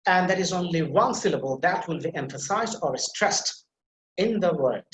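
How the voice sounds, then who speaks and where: A man's voice: high-pitched, animated, moderate pace, reverberant, a little hiss or hum. A man teaching English pronunciation in a live online class, patiently repeating words and restarting phrases as he explains, heard over a video call. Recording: slightly muffled video-call audio.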